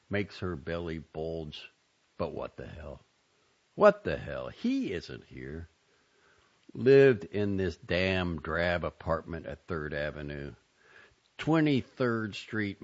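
A man with a low-sitting voice reads short fiction and poetry aloud, delivering it expressively and dramatically. The recording is dull and lo-fi.

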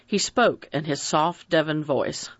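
A narrator reading a mystery novel aloud in an expressive, dramatic audiobook style. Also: medium pitch, measured pace, dry recording. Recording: dry dull lo-fi recording.

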